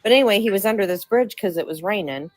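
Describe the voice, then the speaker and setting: A woman's voice: mid-range voice, lively intonation, quick pace, no echo, poor audio. A woman hosting a livestream panel, chatting casually in a rambling way that trails off into fillers. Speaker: livestream host.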